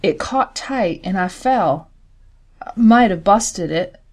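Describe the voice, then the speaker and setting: A woman's voice: mid-range voice, animated, slow. A woman voicing a wounded young male Confederate soldier who pleads in folksy country speech, in an audiobook. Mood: explaining. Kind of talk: audiobook character reading.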